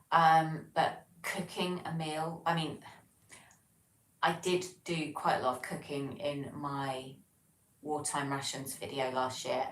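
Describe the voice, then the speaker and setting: Speaking from her home, where she lives by herself, this English livestream host with an English accent rambles through casual chat and viewer comments, full of ums, restarts and self-corrections. She has a deep yet fairly bright voice. The audio is poor, with an echoey room and the mic placed far from her.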